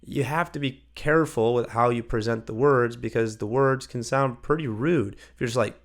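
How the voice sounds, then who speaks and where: A man giving a casual employee training talk on coaching gymnastics, animated and acting out the lines he quotes. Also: mid-range voice, normal speed.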